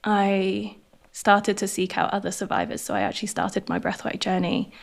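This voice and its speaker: A woman with a posh southern English accent, a podcast guest talking in an earnest, animated way. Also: mid-range voice, normal speed, creaky. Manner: earnest, animated, laughs often. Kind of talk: reflective interview conversation.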